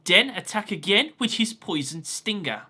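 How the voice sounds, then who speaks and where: A man voicing a streetwise young male card duelist with a put-on Brooklyn accent, talking loud, slangy and cocky. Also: high voice, sing-song, moderate pace, slightly rough, full character voice. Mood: brash, cocky.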